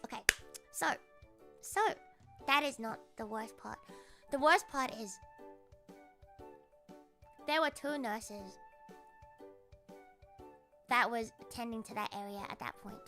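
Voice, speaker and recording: A woman livestreamer telling a story in casual chat, animated, swearing a lot and laughing along. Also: fairly high pitch, slow pace, pauses often, faint music behind.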